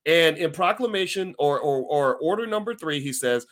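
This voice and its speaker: A man hosting his own podcast, talking to listeners in a folksy, emphatic, animated way and often restarting his sentences. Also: on the high side, normal speed. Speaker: podcast host. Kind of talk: casual commentary to listeners.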